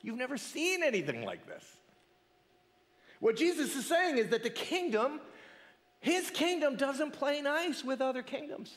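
A man's voice: very high voice, a little slow, in a large hall. A man preaching a sermon as pastor, asking rhetorical questions and dropping to a near whisper for emphasis. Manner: animated, rhetorical questions, drops to a hush for effect.

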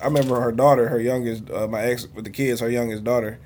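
A man's voice: mid-range voice, fairly even intonation, fast talker, a little mellow, a little hiss or hum. A man, co-hosting a podcast in casual chat, telling crude stories and laughing often. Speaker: podcast co-host.

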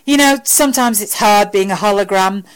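A woman's voice: medium pitch, normal speed, clean tone, lightly acted. A woman voicing a lecherous, womanizing male admiral in a fan audio story, with a sly drawl. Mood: wistful. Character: leering womanizing middle-aged male hologram admiral.

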